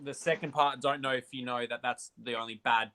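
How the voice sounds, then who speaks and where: A man's voice: medium pitch, fairly even intonation, quick pace, sharp tone, low-quality recording. A man hosting a casual livestream chat, earnest and talking through his thoughts with small laughs. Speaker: livestream host.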